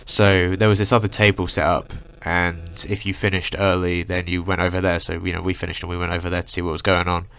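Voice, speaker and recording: Deep gravelly young man rambling. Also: flat delivery, fast talker, few pauses, fairly bright tone, a little hiss or hum. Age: young adult. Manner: rambling, full of "like" and "you know". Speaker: vlogger. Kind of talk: casual storytime rant.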